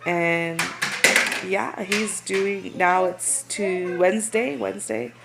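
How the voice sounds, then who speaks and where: A young woman, casually retelling a story and acting out what others said in lively voices. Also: medium pitch, slow, creaky. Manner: animated, acts out quotes of others. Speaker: new mother. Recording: noisy home recording.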